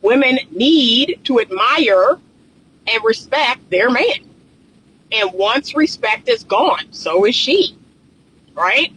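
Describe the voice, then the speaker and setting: Male coach, high bright voice, emphatic repeater, vlogging from a car. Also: animated, slow pace, pauses often, a little hiss or hum, rough recording. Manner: chatty, emphatic, repeats points to drive them home. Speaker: relationship coach. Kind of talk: casual talking-head commentary.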